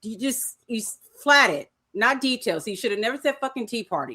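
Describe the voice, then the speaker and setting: A woman's voice: fairly high pitch, lively intonation, fairly quick, bright, forceful tone, breathy edge. A woman co-hosting a podcast, giving blunt, opinionated commentary on a reality show and swearing freely. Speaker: podcast co-host.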